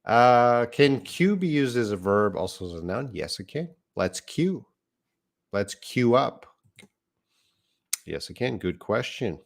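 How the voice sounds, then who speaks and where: A man's voice: mid-range voice, very animated, takes it slowly, vocal fry. A man teaching a live online English lesson, explaining words patiently and reading out viewer comments.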